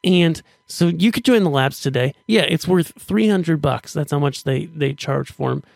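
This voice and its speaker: Upbeat gravelly-voiced man hosting a podcast. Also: expressive, normal speed, no echo, studio quality. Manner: upbeat, chatty, with restarts while pitching offers. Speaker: podcast host. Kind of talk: casual podcast monologue.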